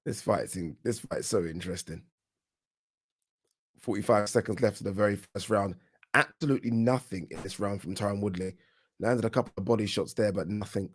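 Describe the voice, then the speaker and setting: A man with a British accent giving casual live commentary on a boxing match for his channel, chatty and quick to react, often restarting his words. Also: on the low side, breathy edge. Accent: British English. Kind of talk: live watch-along fight commentary.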